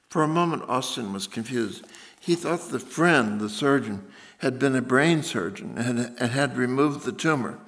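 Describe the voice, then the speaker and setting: A man reading his own literary fiction aloud in a measured, deliberate voice. His pitch sits right in the middle range for a man, and he takes his time over the prose. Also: lively intonation, a bit bright. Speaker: author. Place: museum event space.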